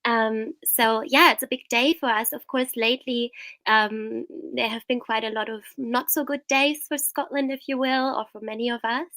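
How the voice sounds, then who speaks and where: A woman hosts a live-streamed interview over a video call, her voice a little high and close and dry. She speaks in a friendly, loose manner, with plenty of ums along the way. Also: steady tone, moderate pace, sharp tone, no echo. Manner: friendly, with fillers and little laughs. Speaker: interviewer and host. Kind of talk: live online event hosting.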